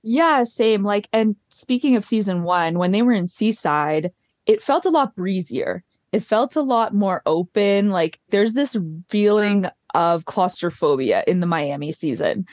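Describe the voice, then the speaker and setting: A woman's voice: mid-range voice, lively intonation, a little slow, a little mellow, no room sound, clean studio sound. A woman co-hosting a podcast, chatting casually in a wry, vivid way. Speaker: podcast co-host. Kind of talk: casual chat.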